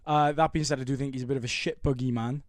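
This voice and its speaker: A young man co-hosting a podcast, talking in an animated, sweary, bantering way. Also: medium pitch, fast, dry recording. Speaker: podcast co-host. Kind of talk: casual chat.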